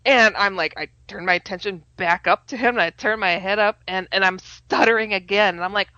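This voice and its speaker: A woman telling a personal story in casual talk, animated, often laughing and acting out her own quoted words. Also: mid-range voice, brisk, no echo. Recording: slightly muffled audio.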